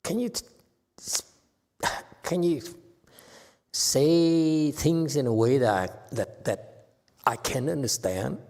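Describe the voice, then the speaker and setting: Unhurried male teacher with a teasing, self-mocking delivery, echoing in a reverberant hall. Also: a little high, darkish tone. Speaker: Buddhist meditation master. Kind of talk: joking Dharma talk.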